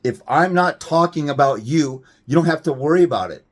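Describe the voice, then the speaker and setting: A man speaks to camera in a fairly high, combative voice, blunt and profane. He hammers his points with rhetorical questions and cutting remarks. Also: expressive, a little fast. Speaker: fathers' rights advocate. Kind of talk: direct-to-camera rant.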